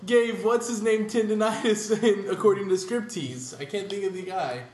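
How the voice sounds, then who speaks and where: A man's voice: high voice, normal speed, darkish tone. A man co-hosting a casual group podcast, rambling and laughing often. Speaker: podcast co-host. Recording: echoey room with crowd noise.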